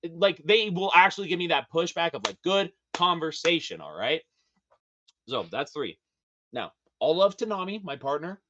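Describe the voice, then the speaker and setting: A man as a podcast guest in casual chat, animated and profane, laughing often. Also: a little high, normal speed, lo-fi sound.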